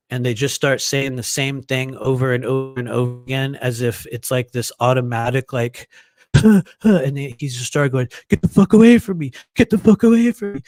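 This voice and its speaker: An animated man telling a story in a casual, rambling monologue, stopping and restarting often and acting out other people's lines. His voice sits at an ordinary middle pitch. The sound is dry and close, with almost no room echo. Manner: animated, acts out quoted voices, laughs often; frequent fillers and restarts. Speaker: podcast host.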